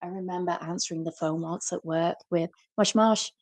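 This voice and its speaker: A woman from Liverpool with a softened Scouse accent, co-hosting a podcast and telling stories in casual chat. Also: fairly low pitch, a little fast. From Liverpool, England. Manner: animated storyteller. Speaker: podcast co-host.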